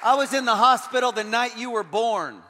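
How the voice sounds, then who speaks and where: A middle-aged man preaching as a guest pastor, lively and joking, turning earnest. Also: very high-pitched, normal speed, some chatter behind. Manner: energetic and joking, switching to earnest. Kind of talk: sermon. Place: large church hall. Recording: long hall reverb.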